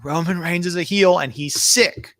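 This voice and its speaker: Loud heel host, bright and somewhat high, dry close sound, a man in the role. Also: moderate pace, dry recording. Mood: gloating. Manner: blustering and domineering, with many fillers. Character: brash, bossy heel wrestler host who bullies his partner. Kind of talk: comedy wrestling sketch.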